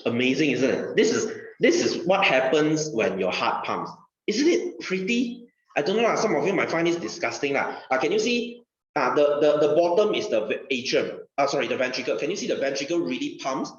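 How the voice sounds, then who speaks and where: A man's voice: a little high, very animated, fairly quick. Chatty male science teacher. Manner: chatty, repeats phrases, asks rhetorical questions. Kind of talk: casual recorded science lesson. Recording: dull, roomy recording.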